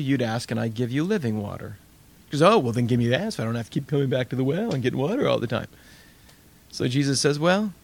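Animated male preacher telling stories. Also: medium pitch. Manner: animated storytelling, acts out quoted voices. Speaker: pastor. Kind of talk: sermon.

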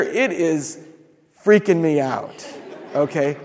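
A male pastor telling a story in a sermon, with dramatic pauses and laughs. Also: medium pitch, darkish tone. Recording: long reverb of a large hall.

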